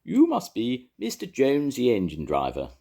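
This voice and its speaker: Brief: hooting, posh grand lady from a storybook, swooping high and wide, husky edge, as an older man puts her on. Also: huge pitch swings, normal speed, warm tone, heavily acted. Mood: hooting gush. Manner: hooting, gushing. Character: posh large well-bred lady investigator, hooting.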